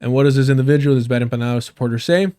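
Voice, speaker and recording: A man's voice: medium pitch, racing, dark tone, smooth. A man from the United States giving heated, profane, sarcastic commentary on a political debate during a livestream.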